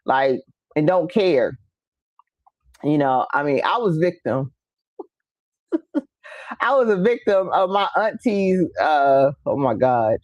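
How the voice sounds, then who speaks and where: A woman's voice: deep voice, very animated, slow pace, long pauses, darkish tone, no echo, muffled recording. A woman hosting a casual talk show, telling stories with laughter and acting out her relatives while reading viewer comments. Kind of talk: casual chat.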